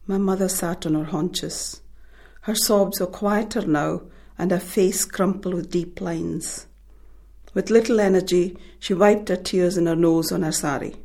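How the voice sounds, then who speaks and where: A woman from India, an author, talking about her short story and then reading it in a measured, thoughtful way. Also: lowish voice, vocal fry, warm tone.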